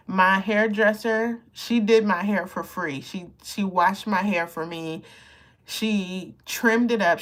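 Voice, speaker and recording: Woman near fifty, chatty beauty livestream host, laughs easily, even mid pitch. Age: around 50. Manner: chatty, emotional, laughs often, talks to viewers while applying makeup. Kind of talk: casual live makeup chat.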